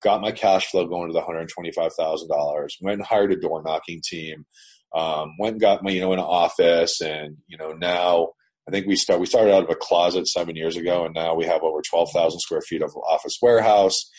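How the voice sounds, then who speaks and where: Deep raspy dude from canada, blunt and swears a lot, talking over an online call. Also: male voice, fairly even intonation, fairly quick, darkish tone. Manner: blunt, profane, emphatic. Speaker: business owner, interview guest. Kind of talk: casual storytelling. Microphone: remote internet call.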